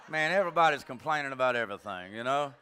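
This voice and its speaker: A man's voice: medium pitch, animated, quick pace, bright, forceful tone, clean tone. A man preaching a sermon in a loose, joking, conversational way, teasing his congregation between points. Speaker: pastor.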